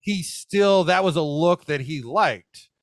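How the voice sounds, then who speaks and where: A man's voice: a little high, slow pace, no room sound. A man co-hosting a casual podcast chat, talking playfully and acting out quotes. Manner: lively, playful, acts out quotes. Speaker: podcast co-host.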